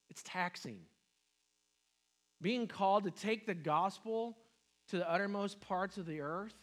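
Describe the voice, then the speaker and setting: A pastor preaches in a relaxed, conversational way, retelling scripture in everyday words. His voice sits a bit higher than most men's. He often turns to the listeners with questions and acts out the quoted speech, dropping low and rising high. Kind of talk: sermon.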